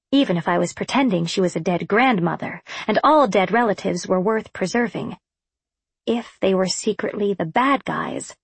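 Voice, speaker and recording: A woman reads a first-person audiobook in a wry, expressive way. Her mid-pitched voice carries a slight husk. The recording is close and dry. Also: vocal fry, husky, dry recording. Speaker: audiobook narrator.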